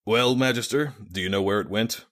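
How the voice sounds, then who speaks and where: A man's voice: sits low, normal speed, fairly bright tone. A man voicing an injured male warrior who speaks tersely and impatiently through clenched teeth. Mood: brisk.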